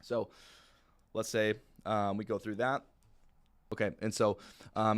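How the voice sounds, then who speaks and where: A man's voice: lowish voice, normal speed. A young man teaching sales calls in a casual, plain-spoken way, with lots of fillers. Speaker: insurance sales trainer. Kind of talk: casual training talk.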